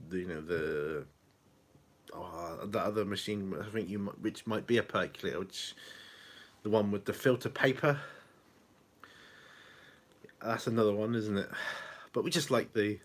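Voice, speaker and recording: Middle-aged man, unhurried, slightly low voice, rambling home vlog chat with chuckles. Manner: rambling, chuckling, loses his thread. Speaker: vlogger. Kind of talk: casual chat to camera. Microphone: camera on a small tripod.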